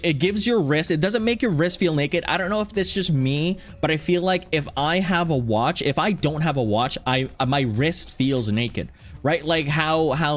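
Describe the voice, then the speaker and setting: A man chatting casually on a livestream, rambling playfully, reading chat aloud and now and then breaking into loud, excited shouts. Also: fairly high pitch. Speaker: streamer. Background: faint background music.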